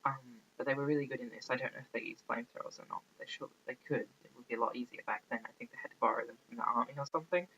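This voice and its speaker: A man's voice: medium pitch, steady tone, rapid-fire, hardly any pauses, sharp tone, lo-fi sound. A man giving a casual, rambling film review, often losing his train of thought and filling gaps with ums. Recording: faint background noise, poor audio.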